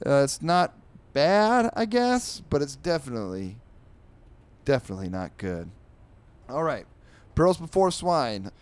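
A man with a mid-range, clean-toned voice hosts a comedy podcast, reading newspaper comics aloud. He breaks in with rambling, sarcastic asides and quick character voices in this casual comic reading with commentary.

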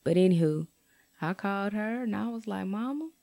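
A young adult woman telling a casual storytime rant to her viewers, blunt and profane, with jumps to high exclamations. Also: a little fast, creaky. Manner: animated, swings to high exclaims. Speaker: vlogger.

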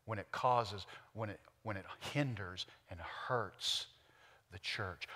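Folksy Oklahoma preacher in a big hall. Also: male voice, on the low side, slow, slightly rough. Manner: animated, rising to loud excitement, folksy. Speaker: pastor. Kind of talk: sermon.

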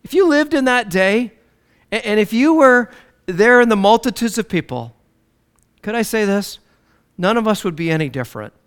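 A man preaching a sermon, swinging between loud declarations and low, hushed lines. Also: lively intonation, normal speed, long pauses, clean tone.

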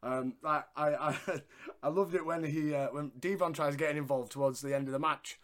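A fairly high-voiced man talks through a wrestling match in casual podcast chat. He laughs often, swears freely and acts out lines as he goes. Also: steady tone, normal speed, a bit bright. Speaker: podcast co-host.

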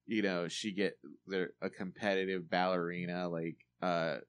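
A man in a loose podcast chat about movies. His voice is on the low side, and he rambles with plenty of fillers. He swears casually. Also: level tone, moderate pace, clean tone. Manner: rambling, filler-heavy, profane.

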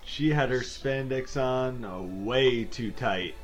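A woman's voice: very deep voice, slow pace, soft background music. A woman co-hosting a podcast in casual chat, dropping dry, wisecracking quips. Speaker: podcast co-host.

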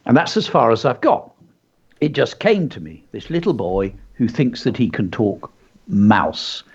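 A man's voice: medium pitch, unhurried, slightly rough, muffled recording. A man hosting a chatty show, telling anecdotes and reading out a short story of his own. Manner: chatty, animated, drops into character voices. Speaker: host. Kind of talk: casual chat and storybook reading.

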